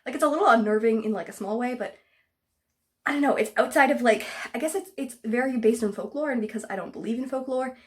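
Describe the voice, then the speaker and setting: A woman talking casually in a book vlog, husky and sick with a cough, rambling with many "like" fillers. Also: fairly high pitch, fast. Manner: rambling, full of "like" fillers, animated rants. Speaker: book vlogger. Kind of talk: casual chat. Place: indoors at home.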